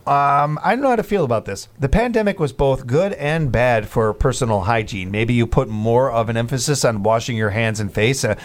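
A man's voice: mid-range voice, animated, a little fast, hardly any pauses. A man hosts a small-town morning radio show. His voice sits in the middle male range. He talks in a loose, chatty way, circling back, restarting lines and filling gaps with ums. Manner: chatty, rambling, frequent restarts and fillers. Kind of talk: casual morning radio chat.

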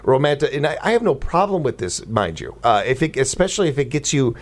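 Chatty man with a lively voice. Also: medium pitch, quick pace. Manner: rambling, chatty with many fillers and restarts. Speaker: morning show co-host. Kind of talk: casual chat.

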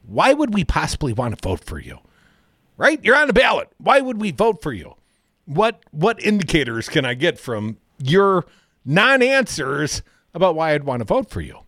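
A man from Madison, Wisconsin holds forth as a talk radio co-host, his voice pitched a little high and bouncing widely as he delivers sarcastic, opinionated asides. He sounds dry and close to the microphone, with no room around him. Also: huge pitch swings, moderate pace, pushed and bright, no room sound. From Madison, Wisconsin, USA. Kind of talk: casual political talk radio.

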